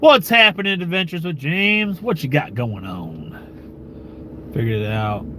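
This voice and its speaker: This American channel host has a slightly high voice and takes his time, with a little hiss or hum in the recording. Talking loosely with his live-stream audience, he rambles along relaxed, dropping frequent fillers, curses and chuckles.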